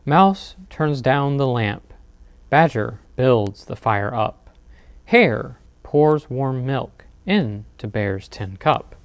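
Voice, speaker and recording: A man reading picture books aloud as a librarian at a bedtime storytime, expressive with dramatic pauses. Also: mid-range voice, clear, resonant tone, no room sound. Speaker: children's librarian.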